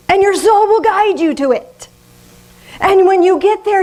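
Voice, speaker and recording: An older woman preaching a sermon in a lively, conversational way, often laughing at herself. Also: very high voice, normal speed, poor audio. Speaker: minister.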